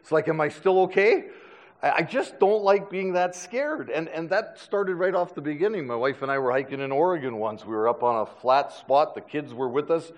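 A man's voice: fairly high pitch, expressive, a little fast, few pauses, long reverb tail. A middle-aged man preaching a sermon, telling stories with self-deprecating humor and frequent stammered restarts. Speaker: pastor.

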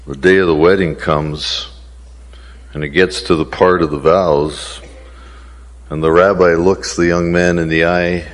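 A man's voice: sits low, fairly even intonation, measured pace, big-room sound. A man preaching a sermon as pastor, telling a story unhurriedly with frequent fillers.

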